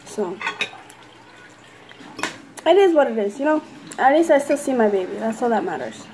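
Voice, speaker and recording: A woman's voice: on the high side, animated, moderate pace, mellow, a little hiss or hum, rough recording. A young woman in a casual vlog, rambling through her stories with lots of fillers. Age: young adult. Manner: rambling, filler-heavy storytelling. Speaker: vlogger.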